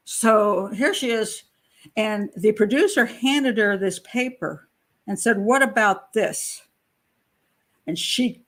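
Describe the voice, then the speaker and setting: A woman's voice: mid-range voice, a bit bright. A middle-aged woman hosting her own channel as a criminal profiler, chatting casually and emphatically, often repeating phrases for effect. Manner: conversational, emphatic, repeats phrases, mimics others in quotes. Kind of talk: casual commentary to camera.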